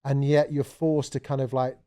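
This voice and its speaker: A man's voice: medium pitch, little pitch movement, warm tone, clean tone. Chatty man co-hosting a podcast. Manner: chatty, sweary, quick restarts. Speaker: podcast co-host. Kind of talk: casual chat.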